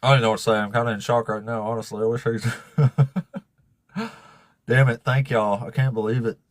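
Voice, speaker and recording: A man hosting a casual livestream, laughing and swearing as he thanks viewers, emotional and fighting back tears in a raspy voice. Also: medium pitch, steady tone, fast talker, dry recording, studio quality. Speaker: livestream host.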